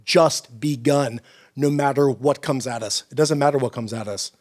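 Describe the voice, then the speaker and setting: A man's voice: mid-range voice, a little fast, a little mellow. A middle-aged man giving an earnest sermon-style encouragement talk, repeating his points with emphasis. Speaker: Christian encouragement speaker.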